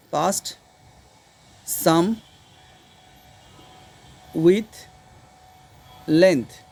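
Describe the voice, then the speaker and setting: A man's voice: sits high, a little mellow. A man teaches an online literature class. He explains things step by step and stops often to ask his students whether they follow. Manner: patient, explaining step by step, checks in with "got it?".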